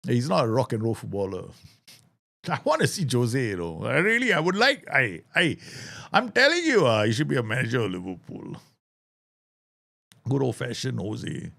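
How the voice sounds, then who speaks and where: A man streaming a football management game, chatting casually, laughing often and breaking into excited outbursts. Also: medium pitch, normal speed, creaky. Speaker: gaming streamer. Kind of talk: casual live game commentary.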